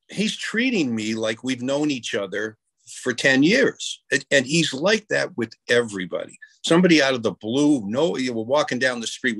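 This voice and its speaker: A man's voice: medium pitch, fairly bright tone, slightly rough, no echo. Rambling storyteller man, dry sound. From New York. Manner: rambling anecdotes with many restarts. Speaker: guest musician. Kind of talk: casual interview storytelling.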